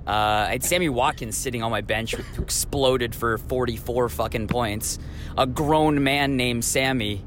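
A man's voice: medium pitch, normal speed, fairly bright tone, slight background noise. A man leaving a joking, mocking, profane voice message.

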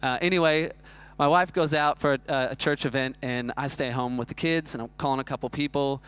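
A man, preaching a sermon that is built around a self-mocking personal story told in an animated way. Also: medium pitch, brisk, clear, resonant tone. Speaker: pastor.

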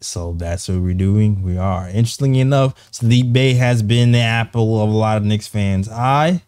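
A man's voice: on the low side, normal speed, a little mellow, clean tone. A man hosting a basketball show, talking in a loose, rambling way and laughing easily. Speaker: podcast host. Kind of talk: casual basketball chat.

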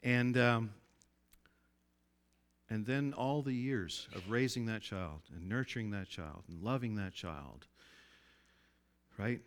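A pastor preaches slowly and pauses often, talking to his audience conversationally. He regularly asks for their agreement and quiets his voice to a low, soft tone for emphasis.

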